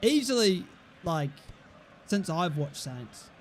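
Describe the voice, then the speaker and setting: A man's voice: high voice, big pitch swings, slow pace, a little hiss or hum. A young man giving casual, blunt, mocking commentary while playing a football game, swearing freely. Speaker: gaming streamer.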